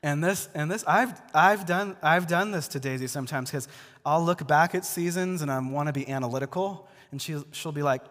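Speaking briskly and on the high side, a pastor addresses his live church congregation directly in a casual sermon. He keeps restarting his sentences and repeating words, all under a long hall reverb.

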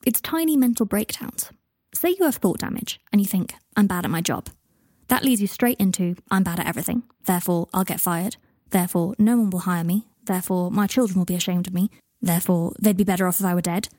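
Casual, blunt young wizard, mellow and dry, voiced by a woman. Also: fairly low pitch, fast, no room sound. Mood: earnest. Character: young adult male wizard, blunt and matter-of-fact.

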